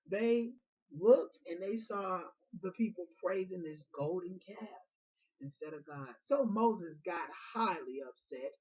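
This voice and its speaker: A man's voice: high voice, expressive, unhurried, breathy edge. A man retelling a Bible story in a casual, rambling, conversational way. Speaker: Bible teacher. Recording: dull lo-fi recording.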